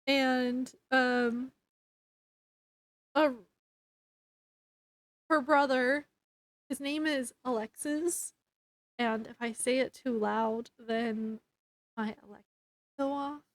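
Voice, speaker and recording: A woman's voice: sits high, steady tone, slow, pauses often, dry recording. A woman giving a casual book review at home, retelling the plot in a rambling way with lots of fillers.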